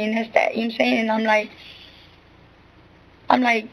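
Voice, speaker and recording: On a low-quality recording, a woman with a fairly high, flat-sounding voice talks briskly. She's a witness recounting events to an interviewer in street slang, rambling, repeating herself and leaning on "you know what I'm saying."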